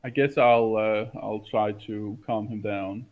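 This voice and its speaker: A man's voice: on the low side, fairly even intonation, slow, narrow, tinny audio. A man taking part as a player in a tabletop game, speaking in a hesitant, matter-of-fact way.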